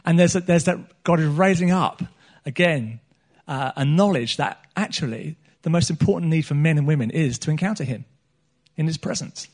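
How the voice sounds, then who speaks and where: A man's voice: fairly high pitch, expressive, moderate pace, darkish tone. A middle-aged man, preaching a sermon in a church meeting and often restarting his phrases. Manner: earnest, repeats himself and restarts phrases.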